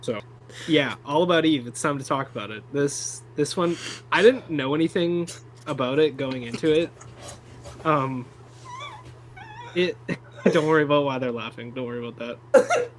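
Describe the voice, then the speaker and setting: A man's voice: on the high side, normal speed, pauses often, poor audio. Young man raving about films, hum behind. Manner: enthusiastic, rambling, swears freely. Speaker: podcast co-host. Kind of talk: casual film review chat.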